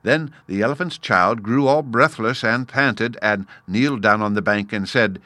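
A man reading a storybook aloud in a measured, expressive way, addressing the listener directly. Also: lowish voice, no room sound.

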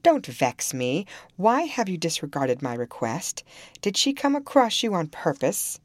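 A woman's voice: fairly low pitch, very animated, unhurried, no room sound. A woman reading the lines of an imperious, jealous young lady of the house, speaking sharply and commandingly.

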